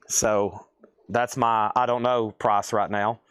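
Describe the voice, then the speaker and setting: A man's voice: medium pitch, flat delivery, moderate pace, fairly bright tone, clear, resonant tone, dry recording. Man calling prices in a live sale. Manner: calls out prices and buyer names, thinks aloud. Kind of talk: live auction selling.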